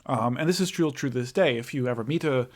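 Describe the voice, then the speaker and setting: A man's voice: medium pitch, quick pace. A young man giving a recorded history lecture, casual and thinking aloud, with many fillers and self-corrections. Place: in front of a backdrop image.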